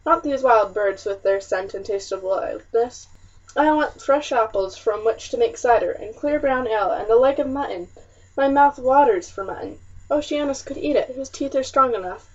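A woman's voice: fairly high pitch, moderate pace, natural voice. Woman reading as a desperate grieving pioneer mother. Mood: anguished. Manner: sobbing outbursts, then hushed and hollow. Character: grief-stricken pioneer mother, strong but breaking. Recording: muffled, slightly distant recording.

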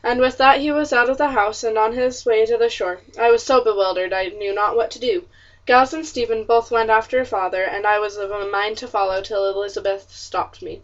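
A woman narrating a historical novel in the first person, expressive and old-fashioned in her storytelling. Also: on the high side, brisk, muffled recording. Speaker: audiobook narrator.

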